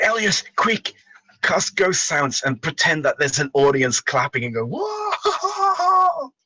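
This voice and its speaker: A man's voice: fairly high pitch, animated, unhurried, sharp tone, no room sound. A young man playing in a tabletop game, joking with the group in a playful way. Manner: playful, jokey. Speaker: player. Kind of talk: casual chat at a tabletop game.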